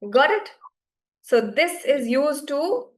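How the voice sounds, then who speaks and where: A woman's voice: high-pitched, sing-song, takes it slowly. A woman teaching French to beginners in an online class, explaining patiently and often checking that students follow.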